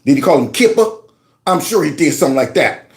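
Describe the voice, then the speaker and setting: A man with a high, very lively voice mocks the news clips he reacts to, swinging his pitch all over as he jeers and talks back. His sarcastic commentary rings in a roomy, echoing space. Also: fast. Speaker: commentary channel host. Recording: roomy echo.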